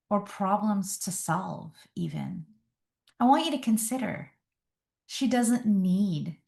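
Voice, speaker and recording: A woman relationship coach speaks straight to the camera, giving advice in a measured, deliberate way with emphatic pauses. Her voice is lowish and a little mellow.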